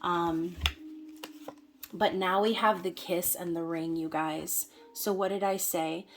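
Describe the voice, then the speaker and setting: Flat-toned chatty woman tarot reader. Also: lowish voice, slow, a little hiss or hum. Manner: chatty, frequent fillers and "okay?" check-ins. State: hiccups. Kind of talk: casual tarot reading to camera.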